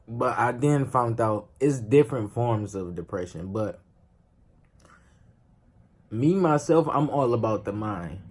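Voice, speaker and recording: A man's voice: lowish voice, darkish tone, a little hiss or hum. A young man vlogging to camera in a loose, slangy, emphatic way, swearing freely. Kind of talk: casual talk to camera.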